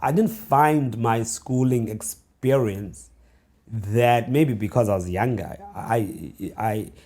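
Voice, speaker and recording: A South African man in his forties, an author being interviewed, telling stories from his childhood in a reflective way, with restarts and pauses. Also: mid-range voice. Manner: reflective, halting restarts, slowing into hushed storytelling. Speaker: author and guest. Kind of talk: conversational interview storytelling.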